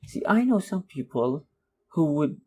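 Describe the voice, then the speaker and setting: A man's voice: fairly high pitch, very animated, unhurried, darkish tone, a little hiss or hum. A young man hosting a podcast, rambling through a sarcastic casual rant and slipping into mocking voices. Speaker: podcast host. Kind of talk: casual monologue.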